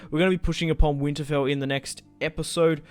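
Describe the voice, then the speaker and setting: A man's voice: fairly high pitch, flat delivery, fast talker, clean tone, soft background music. A man giving casual, thinking-aloud commentary on a strategy game he is playing, and swearing when things go wrong. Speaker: gaming channel host.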